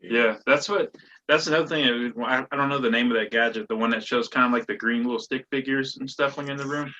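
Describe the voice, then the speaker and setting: A man hosting a casual podcast chat, relaxed and swearing casually. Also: mid-range voice, quick pace, dull audio. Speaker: podcast host.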